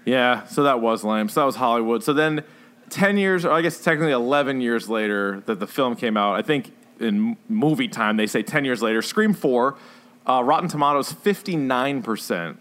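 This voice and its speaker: A man co-hosting a podcast, chatting casually about films in a rambling way, full of fillers and animated retellings. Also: medium pitch, normal speed. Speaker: podcast co-host. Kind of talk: casual chat reviewing films.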